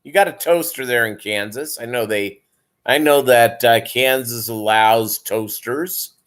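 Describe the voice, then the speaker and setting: Slow-talking, tired man hosting a livestream. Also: mid-range voice, fairly bright tone. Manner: rambling, many fillers, chats with viewers. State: tired, yawning. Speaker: livestream host. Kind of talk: casual livestream chat.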